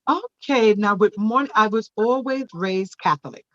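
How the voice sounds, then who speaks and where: A woman, a daycare owner, telling her personal testimony in a church interview with animated storytelling. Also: medium pitch, measured pace, highs cut off. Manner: animated storytelling, acting out quoted voices.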